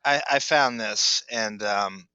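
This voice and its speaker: A man co-hosts a podcast in casual conversation, with a bright, cutting voice. He states blunt opinions and restarts his sentences. The sound is close and dry, with muffled lo-fi quality. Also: lowish voice, slow pace, clear, resonant tone, no room sound. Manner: blunt, opinionated, repeats words when starting sentences. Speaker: podcast co-host. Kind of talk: casual chat.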